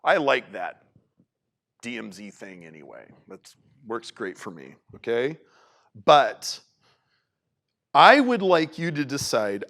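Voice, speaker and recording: A man speaking to an audience in a casual, animated way, full of restarts and filler words. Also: medium pitch, a little slow. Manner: animated, conversational, many restarts and "like". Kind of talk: talk to an audience.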